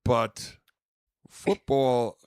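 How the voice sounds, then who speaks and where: A man hosting a podcast in casual chat, rambling with restarts and bursts of mimicked squeaks. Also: steady tone, extremely slow, a little mellow, clear, resonant tone, no room sound, studio quality. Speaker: podcast host.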